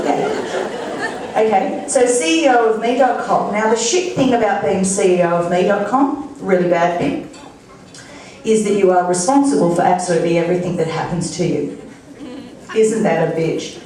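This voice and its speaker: A woman's voice: medium pitch, mellow, a little hiss or hum. A woman speaker at a fundraising breakfast, giving a playful motivational talk and tossing rhetorical questions to the crowd. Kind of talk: motivational speech to an audience. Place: large function room with an audience. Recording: echoey room, mic at a distance.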